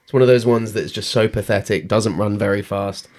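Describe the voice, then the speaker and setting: A man's voice: lowish voice, steady tone, a little fast, darkish tone. A British man co-hosting a casual podcast, talking bluntly and swearing freely. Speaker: podcast co-host. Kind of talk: casual chat.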